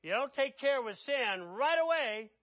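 A man preaching a sermon, telling the story dramatically and swinging from loud outbursts to hushed asides. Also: very high voice, animated, a little slow, no echo, highs cut off.

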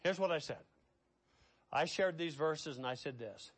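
A middle-aged man preaching a sermon as pastor. He swings between hushed, quiet passages and loud, impassioned ones. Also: on the high side, a little slow, slightly rough.

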